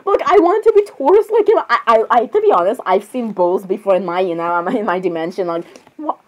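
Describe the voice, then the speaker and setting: A woman performing a playful fan role-play skit, voicing several princesses with excitable, dramatic exclamations and flustered restarts. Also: mid-range voice, a little fast, lo-fi sound.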